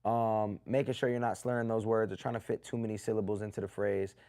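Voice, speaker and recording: A man hosting a live music review stream, giving blunt critiques and shouting out viewers in the chat. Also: fairly low pitch, level tone, fast, vocal fry. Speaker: music review livestream host. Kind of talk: casual live-stream commentary.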